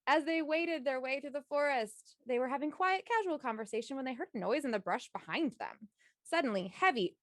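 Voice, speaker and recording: A woman's voice: high-pitched, a bit bright, no room sound, studio quality. A woman in a tabletop game stream reading an upbeat recap of the last session, now and then stumbling and correcting herself. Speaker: player giving the session recap.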